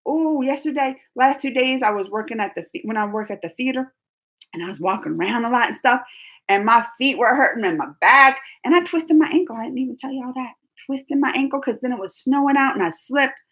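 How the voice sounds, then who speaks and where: A woman in her forties hosting a casual livestream, chatting with viewers in a rambling, animated way and laughing often. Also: high voice, fairly quick. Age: 40s. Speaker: livestream host reading chat. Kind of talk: casual live chat.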